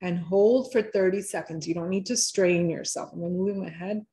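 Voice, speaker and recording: A woman's voice: on the low side, mellow. A woman hosting a live online wellness workshop, talking viewers through simple relaxation exercises in a chatty, encouraging way. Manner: chatty, encouraging, slows down to guide steps.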